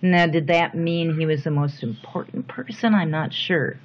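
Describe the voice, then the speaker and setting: A middle-aged woman speaking softly and reflectively in a personal interview, with thoughtful pauses. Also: low voice, a little hiss or hum. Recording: dull lo-fi recording.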